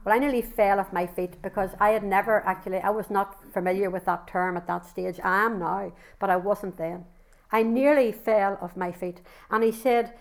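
A woman's voice: medium pitch, steady tone, moderate pace, vocal fry. A middle-aged woman speaking at a women's conference, giving a fervent testimony sermon with frequent restarts.

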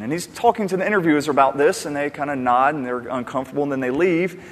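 Husky-voiced man preaching in a reverberant hall. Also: medium pitch, fast, few pauses. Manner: emphatic, conversational. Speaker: pastor. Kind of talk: conversational sermon.

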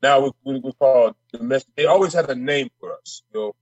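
A man's voice: medium pitch, brisk, no echo, highs cut off. A man speaking as a state legislator guest in an interview, emphatic and fiery, repeating words as he heats up. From Minnesota. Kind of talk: passionate interview talk.

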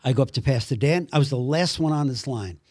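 A man from Brooklyn, a podcast guest telling a story in a lively way and acting out the other people's voices. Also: mid-range voice, fast, no echo. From Brooklyn, New York. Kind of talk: storytelling conversation.

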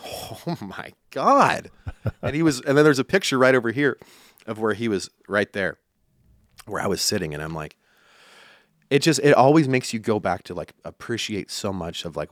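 His voice is low-pitched and creaky, recorded at studio quality with no echo. He's a young Iowa-born country singer from the USA, spinning stories in a relaxed interview, full of filler words and do-overs.

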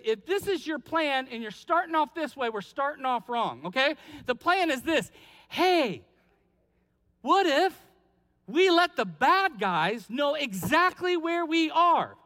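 Guy preaching in a big echoey hall, really high bright voice, acts out the characters. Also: measured pace. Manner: animated storytelling, acting out biblical characters. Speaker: pastor. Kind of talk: sermon.

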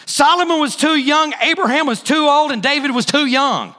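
A man's voice: very high-pitched, lively intonation, normal speed, bright, forceful tone. A male pastor preaching a sermon, repeating key phrases for emphasis and asking the congregation questions. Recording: hall reverb.

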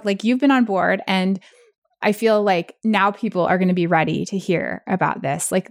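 A woman's voice: mid-range voice, darkish tone, dry recording, studio quality. A woman co-hosting a casual business chat, talking frankly and laughing often at herself. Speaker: business co-founder and podcast co-host. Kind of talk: casual conversation.

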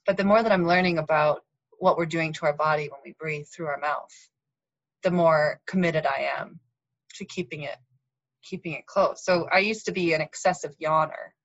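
A woman hosting a podcast, telling stories in an animated, laughing way over a video call. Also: low voice, normal speed, dry recording, highs cut off. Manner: animated storyteller, laughs often. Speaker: podcast host. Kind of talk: casual heartfelt conversation.

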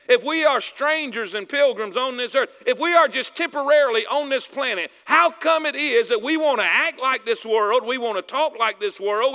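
The sermon is delivered by a Southern American pastor whose bright, high voice carries across the room. He hammers his points with repeated phrases and calls of "amen" and "y'all with me," each line followed by a long hall reverb.

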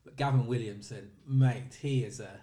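A man's voice: medium pitch, moderate pace, a loud crowd. A man co-hosting a casual podcast chat, talking easily and laughing often. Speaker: podcast co-host.

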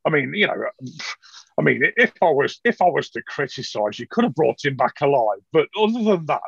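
A man's voice: fairly high pitch, very animated, fairly quick, creaky, husky, dry recording, lo-fi sound, heavily acted. A man voicing a fussy, self-important male official who stammers and fusses. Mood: flustered.

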